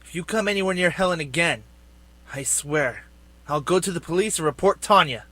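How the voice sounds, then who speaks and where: A man's voice: on the high side, sharp tone. An actor playing a smug young man who coldly taunts his former friend in a video game. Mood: taunting. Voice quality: cold, taunting, measured.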